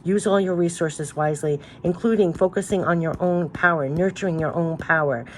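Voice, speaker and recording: A woman's voice: on the low side, a little fast, slight background noise. A woman giving a spiritual tarot card reading, talking in an earnest, emotional, rambling way with many restarts.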